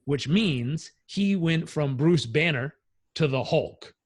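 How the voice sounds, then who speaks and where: Energetic, blunt male life coach. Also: a little high, slow pace, dry recording. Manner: energetic, blunt, swears freely. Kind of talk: casual interview storytelling.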